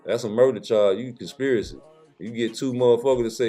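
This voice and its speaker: A man's voice: mid-range voice, a little fast, warm tone, soft background music. A man giving a casual vlog monologue in blunt, profane street talk. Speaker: vlogger.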